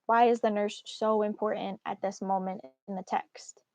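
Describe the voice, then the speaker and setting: A woman's voice: medium pitch, level tone, moderate pace, a little mellow, no echo. A woman teaching a live online literature class in a casual, encouraging way, with frequent fillers. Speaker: English teacher.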